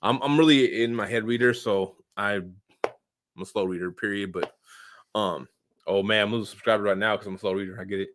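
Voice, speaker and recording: A man casually answering viewer comments in a loose, slangy, rambling way, full of fillers and sudden swings in loudness. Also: on the low side, fairly quick. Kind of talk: casual unscripted political commentary.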